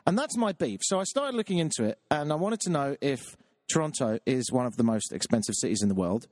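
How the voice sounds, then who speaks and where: A British man hosting his own show, doing a self-mocking comic rant that keeps jumping up into a high squeaky voice. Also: very animated, quick pace, a little mellow, no echo, clean studio sound. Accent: British English. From Britain. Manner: exasperated, self-mocking, jumps into a high squeaky voice when riled. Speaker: show host. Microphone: webcam setup.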